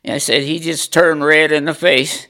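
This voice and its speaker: A man's voice: fairly high pitch, little pitch movement, moderate pace, pushed and bright. A man in his nineties from Indiana, bluntly telling stories from his life in an interview, sometimes salty. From Indiana, USA. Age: 90s. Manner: blunt, salty storytelling with repeated "I said". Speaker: veteran interviewee.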